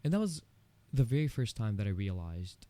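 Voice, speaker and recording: Male podcast host, solo monologue, earnest and encouraging, warm low voice. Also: big pitch swings, moderate pace, no room sound. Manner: earnest, candid and encouraging, with frequent "you know" asides.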